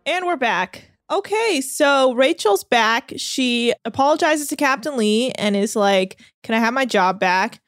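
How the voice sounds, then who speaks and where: Woman host, casual recap chat, bouncy pitch, salty language. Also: a little slow, few pauses, no room sound, studio quality. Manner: animated, swears, quotes people in voices. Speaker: podcast host.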